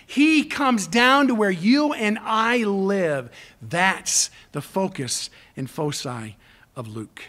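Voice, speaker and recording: A man preaching a sermon, emphatic, swinging between loud appeals and hushed near-whispers. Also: sits high, expressive, slow pace.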